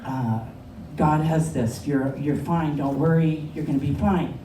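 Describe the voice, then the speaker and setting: A woman voicing a calm, reassuring rabbi who speaks soothingly. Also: low voice, unhurried. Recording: echoey lounge, distant mic, background noise.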